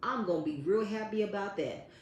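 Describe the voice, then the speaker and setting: A woman's voice: medium pitch, fairly quick, a little hiss or hum. A woman giving a blunt, profane recap of a reality TV episode, talking straight at the cast members. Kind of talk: casual commentary recap. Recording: roomy echo.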